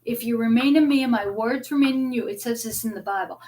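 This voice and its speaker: A middle-aged woman hosting a live chat show from home into a webcam, talking earnestly with many halting restarts. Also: on the high side, a little mellow, poor audio. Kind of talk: emotional live-stream chat.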